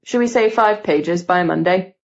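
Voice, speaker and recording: A woman narrator voicing a composed male teacher with a lowered voice. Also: moderate pace, lo-fi sound, natural voice. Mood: dry. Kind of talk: audiobook character voice.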